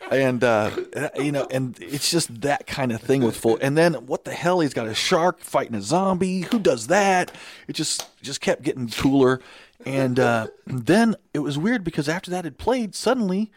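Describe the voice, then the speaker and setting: A middle-aged man telling stories in a casual, animated, excitable way, acting out the quotes. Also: medium pitch, moderate pace. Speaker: guest. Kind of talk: casual storytelling.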